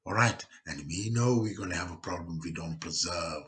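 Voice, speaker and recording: A man's voice: sits low, brisk, a bit bright. A South African man teaching a geography lesson, who explains step by step, repeats points for emphasis and keeps checking that his learners follow. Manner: explains step by step, with frequent tag questions to check understanding. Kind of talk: recorded classroom lesson.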